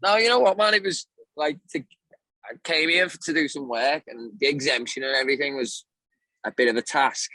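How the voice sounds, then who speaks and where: A man's voice: fairly high pitch, moderate pace, pushed and bright, no echo. A man from the north of England with a Northern English accent, a band member joking and making fun of himself in a casual interview. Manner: joking, self-mocking.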